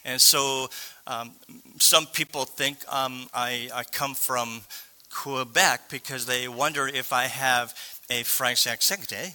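A man, slightly sore-voiced, preaching as a guest speaker in halting speech with many pauses and restarts. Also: mid-range voice, level tone, sharp tone. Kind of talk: sermon.

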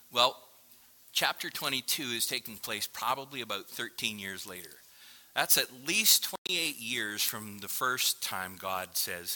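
A man's voice: medium pitch, animated, unhurried, pushed and bright. A man preaching a sermon in a conversational way, acting out the voices of the people he quotes. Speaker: pastor.

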